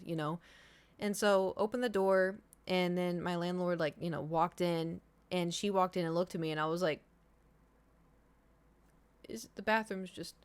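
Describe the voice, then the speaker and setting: A young woman streamer chatting casually with her viewers. Her voice sits a little low for a woman. She rambles and circles back, with plenty of "like" and "you know". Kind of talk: casual chat.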